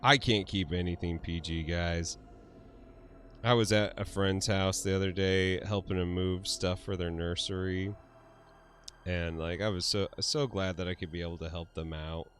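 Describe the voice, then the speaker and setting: A man's voice: sits low, steady tone, normal speed, fairly bright tone, a little hiss or hum. A man hosting a casual livestream, laughing often, swearing freely and answering his chat. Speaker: livestream host.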